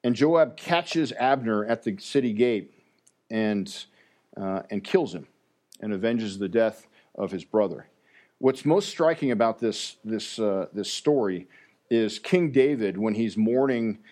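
A man preaching a sermon in an earnest, halting way, often repeating words as he goes. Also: on the low side, a little mellow.

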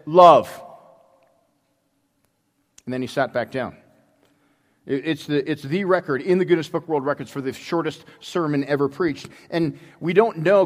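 A man preaching a sermon in a church, telling a story with many halting restarts. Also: on the high side. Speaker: pastor. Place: church sanctuary. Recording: long hall reverb.

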